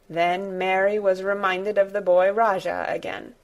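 A woman narrating a classic children's novel in a steady, measured storytelling manner. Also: medium pitch, muffled recording. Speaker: audiobook narrator. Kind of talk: scripted narration.

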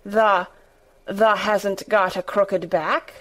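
A woman voicing a tactless old male gardener with a Yorkshire dialect and a shaky, hoarse, quavering voice. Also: medium pitch, fairly even intonation, a bit bright. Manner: slow, quavering.

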